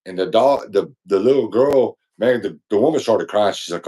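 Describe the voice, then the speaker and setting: A man's voice: low voice, brisk, dark tone, slightly rough. A man co-hosting a podcast, telling a long, rambling, slangy story in casual chat. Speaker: podcast co-host.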